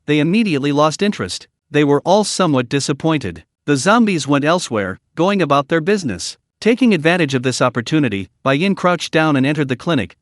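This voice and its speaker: A man giving a scripted story narration in a steady storytelling read. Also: on the high side, no echo, studio quality.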